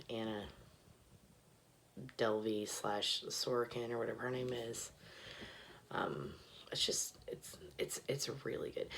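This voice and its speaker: A tipsy woman chats in a rambling, profane way, often trailing off into a mutter. Her voice sits very low with a gravelly fry. A faint hiss sits behind her in a bathroom. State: tipsy, slurring a little. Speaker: vlogger. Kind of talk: casual rambling chat.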